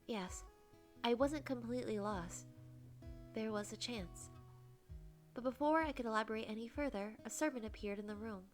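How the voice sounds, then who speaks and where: A young woman with a soft, breathy voice reading a visual novel aloud in first person as a game streamer. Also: on the high side, lively intonation, moderate pace, soft background music.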